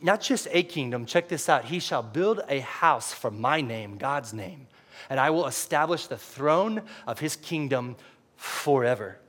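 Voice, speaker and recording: A man preaching a sermon as pastor, animated, acting out voices and shouting for emphasis. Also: fairly high pitch. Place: church.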